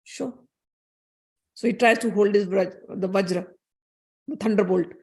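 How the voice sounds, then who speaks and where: A woman's voice: medium pitch, steady tone, moderate pace, a little mellow. A woman casually retelling a sacred story, conversational with restarts.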